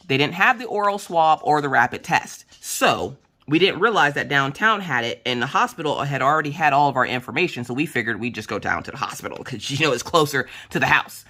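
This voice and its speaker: A young woman vlogger tells a story in a casual chat, with a bright, forceful voice. Her pitch swings widely, and she retells events dramatically with loud squeals and exclamations. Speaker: crafting vlogger.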